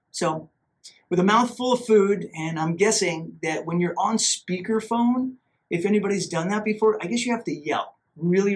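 A man hosting a podcast, telling a story casually in an animated, self-mocking way and acting out his own inner voice. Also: high-pitched. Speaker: podcast host.

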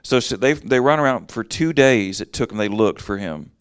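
A man's voice: mid-range voice, animated, moderate pace, smooth, no echo, clean studio sound. A man giving a casual Bible teaching, reading verses aloud and then explaining them in plain, conversational talk.

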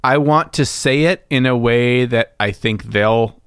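A man's voice: medium pitch, a little slow, fairly bright tone, smooth, dry recording, studio quality. A man co-hosting a casual chat, wry and self-deprecating, joking as he explains. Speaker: podcast co-host. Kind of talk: casual banter about tabletop gaming. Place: cold basement room.

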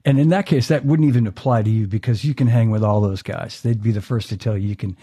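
A man's voice: on the low side, quick pace, warm tone, husky. A man hosting a casual interview podcast, enthusiastic and chuckling, often restarting his phrases. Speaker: podcast host.

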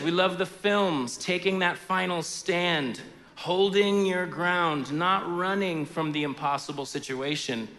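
A man preaching a sermon as pastor in a church sanctuary, in a conversational, animated way with frequent fillers. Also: a little high, long reverb tail.

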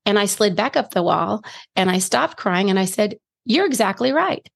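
A woman's voice: mid-range voice, moderate pace, creaky. A middle-aged woman, a grandmother, giving an earnest personal testimony as a guest in a faith interview, emphatic at key phrases.

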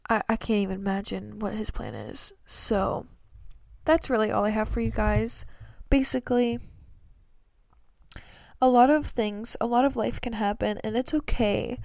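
Earnest rambling young woman, gravelly edges. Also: fairly high pitch, fairly even intonation, measured pace, a little mellow, no echo. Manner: rambling, earnest, many "like" fillers and restarts. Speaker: podcast host. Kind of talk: casual faith-based podcast monologue.

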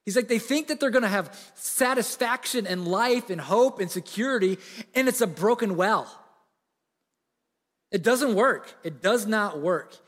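A man's voice: high voice, animated, unhurried, a bit bright. A man preaching a sermon, earnest and conversational, often restarting his sentences. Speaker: pastor. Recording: long reverb of a large hall.

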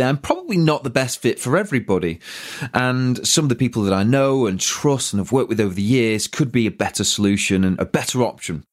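A British man with a husky voice hosting a podcast, giving a relaxed, rambling business update full of "sort of" fillers. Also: on the low side. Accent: British English. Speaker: podcast host, property business owner. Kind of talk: casual business update monologue.

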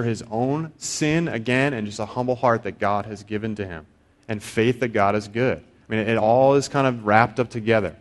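A middle-aged man preaches in an easy, conversational tone at an ordinary pitch. He stumbles over his words and repeats them as he goes. Now and then he slips into short acted-out thoughts of other people before returning to his plain teaching voice. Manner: conversational, acts out inner voices, repeats words when restarting. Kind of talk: sermon.

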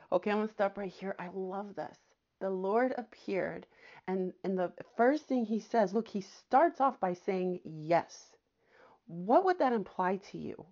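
A woman teaching the Bible on a podcast, earnest and conversational, often dropping to a soft near-whisper for emphasis. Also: medium pitch, dull audio. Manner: warm earnest preaching, often says "my friends" and "amen".

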